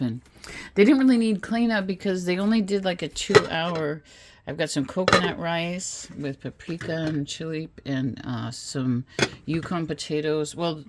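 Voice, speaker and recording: Filming with a handheld phone, a woman rambles and chats through a casual tour of her California home and garden, both inside and outdoors, using a high sing-song whenever she addresses her pets. Her voice has a darkish tone, with slight background noise.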